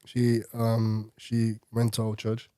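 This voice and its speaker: A man hosting a podcast, relaxed and chatty, laughing easily. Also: mid-range voice, slow pace, no room sound, studio quality. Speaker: podcast host. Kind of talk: casual conversation.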